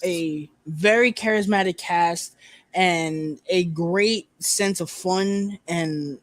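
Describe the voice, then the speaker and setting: Young man, high voice, dry close sound, casual movie review chat, fillers and swearing. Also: takes it slowly, a bit bright, no echo.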